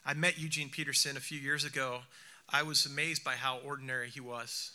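A man preaching a reflective sermon who slows down and softens his voice for emphasis. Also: mid-range voice, level tone. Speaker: speaker.

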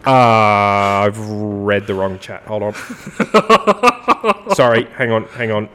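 Male podcast co-host, animated pitch, dry comic banter and deadpan mock-formal reading. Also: very slow. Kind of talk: casual banter and reading a statement aloud.

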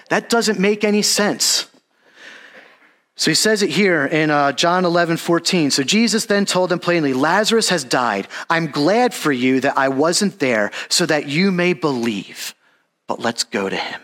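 A man's voice: a little high, lively intonation, a little slow, fairly bright tone. A man giving a casual, conversational sermon, acting out Bible characters in an everyday modern voice. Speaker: preacher.

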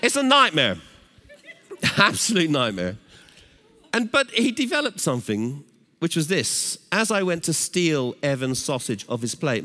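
A middle-aged English man preaching a sermon, telling a funny family story in a playful, animated way. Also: fairly high pitch, measured pace. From England. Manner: animated, playful, laughs at his own stories. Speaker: pastor.

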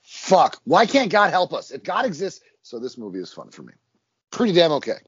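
A man co-hosting a movie podcast, talking in a profane, rambling, animated way. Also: a little high, moderate pace, breathy edge, dry recording, dull audio. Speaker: podcast co-host. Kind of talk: casual movie review chat.

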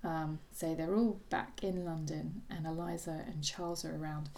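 A woman's voice: deep voice, steady tone, moderate pace, a little mellow, slight background noise. A woman co-hosting a podcast, chatting enthusiastically about a novel and reading passages aloud. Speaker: podcast co-host. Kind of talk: casual book-club chat.

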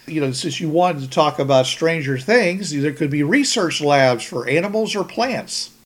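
A man's voice: on the high side, expressive, moderate pace. A man hosting a podcast in casual chat, rambling with many restarts. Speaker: podcast host.

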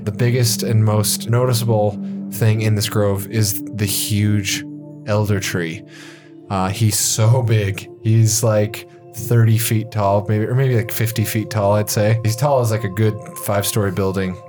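A low-voiced man narrates a tabletop game as game master, painting scenes with hesitations and loose restarts. Music runs clearly underneath his voice. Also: little pitch movement, measured pace. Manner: descriptive, with frequent fillers and restarts.

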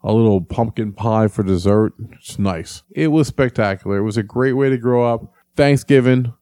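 A man's voice: mid-range voice, normal speed, dark tone, dry recording, clean studio sound. An older man, co-hosting a podcast and telling rambling stories in casual chat, swearing freely. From Philadelphia, US. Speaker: podcast co-host.

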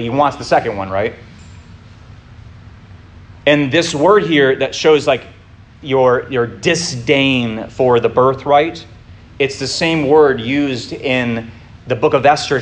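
A man leading a conversational Bible study, often asking the listeners rhetorical questions and talking informally. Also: mid-range voice. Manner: informal, with fillers and restarts.

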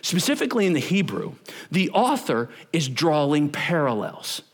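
A man with a high voice preaches to a youth camp, and his pitch swings widely from line to line. He keeps it energetic and conversational, joking with his listeners and asking them questions as he teaches. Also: normal speed. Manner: energetic, conversational, jokes with the audience. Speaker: pastor.

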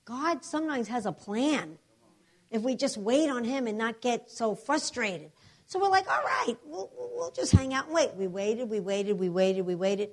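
Animated, high-voiced woman preaching a testimony. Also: moderate pace. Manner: animated, acts out voices and prayers. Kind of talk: sermon testimony storytelling.

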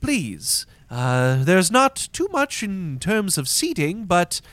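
A man putting on an eager, fawning innkeeper who gushes his welcomes in a raised, lively voice. He is overly courteous and eager to please. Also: high voice, slow pace, no echo, pitched above the performer's own voice, exaggerated voice. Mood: effusive. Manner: effusive, bowing courtesy.

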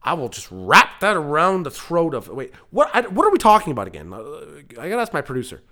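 A man's voice: on the high side, huge pitch swings, quick pace, sharp tone. A man from Canada hosting his own comedy podcast alone, rambling through jokey digressions and interrupting himself. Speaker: podcast host and producer.

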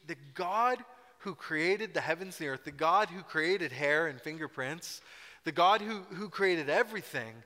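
A man's voice: high voice, bright, forceful tone. A man preaching a sermon as pastor, telling a story in a conversational way and acting out quotes playfully. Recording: reverberant hall.

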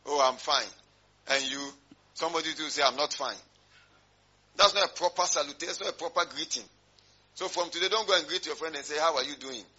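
A man's voice: on the high side, quick pace, sharp tone, slightly rough, lo-fi sound. A male pastor preaching a sermon, emphatic and rhetorical, drawing call-and-response from his congregation.

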